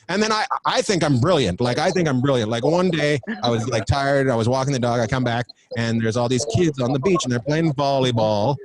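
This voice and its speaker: A man doing crowd-work stand-up from a studio, teasing the audience with loose, profane riffing. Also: medium pitch. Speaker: stand-up comedian. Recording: loud audience laughter throughout.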